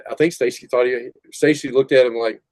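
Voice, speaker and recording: A man's voice: medium pitch, a little fast, no echo. Older guy rambling through old band stories, laughs a lot, dry close sound, mid voice. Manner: rambling, laughing, animated retelling. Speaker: guest, metal musician. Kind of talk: casual storytelling interview.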